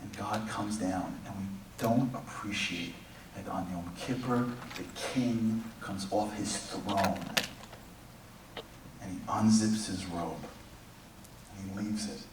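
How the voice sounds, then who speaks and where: A man's voice: on the low side, takes it slowly, noisy background. A man giving a sermon, telling stories with animation and acting out the voices in them. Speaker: preacher. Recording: echoey hall from far off, faint background.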